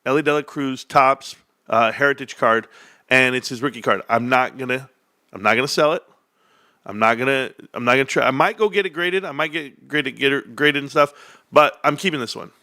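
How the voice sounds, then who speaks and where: Man, middle-aged, livestream host, boastful, animated, bright tone. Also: medium pitch, moderate pace. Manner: boastful, animated, laughing often. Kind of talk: excited stream rant.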